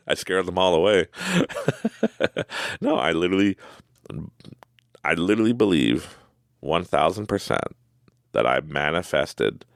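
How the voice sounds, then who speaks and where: Deep gravelly man, lively podcast talk. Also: no echo, clean studio sound. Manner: rambling, laughs often, self-deprecating. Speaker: podcast host. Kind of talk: casual motivational monologue.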